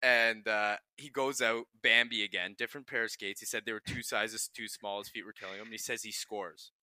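Man, young adult, lowish voice, very bright tone, dry close sound, casual profane storytelling. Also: fairly even intonation, fairly quick, dry recording. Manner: profane, laughing anecdotes. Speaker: podcast co-host, pro hockey player.

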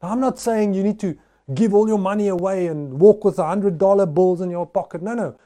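A man preaches a sermon in a high, soft and mellow voice. He tells stories in an easy, conversational way and often restarts his phrases mid-thought. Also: fairly quick. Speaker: pastor.

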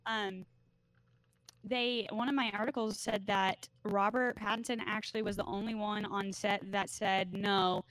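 A woman's voice: medium pitch, fairly even intonation, measured pace, a bit bright, no echo, poor audio. A woman co-hosting a casual podcast, talking with frequent ums and hesitant restarts. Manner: hesitant, many ums, enthusiastic. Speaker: podcast co-host.

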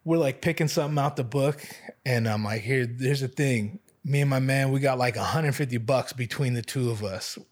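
A man's voice: medium pitch, fairly quick, few pauses. Laid-back man telling loose stories. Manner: laid-back, profane storytelling with slang. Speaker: podcast host. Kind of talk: casual chat.

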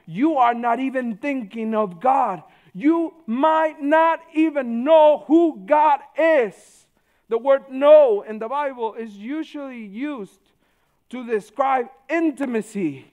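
A man giving a conversational sermon, informal and full of "you know", swinging between loud stretches and hushed ones. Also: extremely high pitch. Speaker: preacher.

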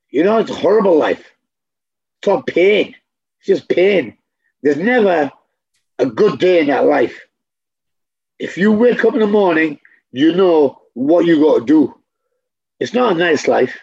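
Brief Man, slow and gravelly, blunt and profane, on dull lo-fi audio. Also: a little high, very animated, darkish tone. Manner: blunt, profane, repeats himself. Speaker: interviewee. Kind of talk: candid documentary interview.

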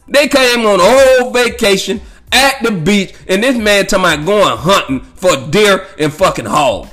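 A man rambles through a casual, profane monologue, laughing and piling on fillers. His voice is high for a man and swings widely in pitch. Faint music sits under him. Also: lively intonation, normal speed, fairly bright tone.

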